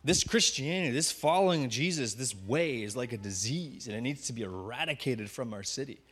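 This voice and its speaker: A man's voice: mid-range voice, expressive, brisk, fairly bright tone, breathy edge, pitched below the performer's own voice. A man preaching, voicing a group of angry male townsmen who grumble and plot.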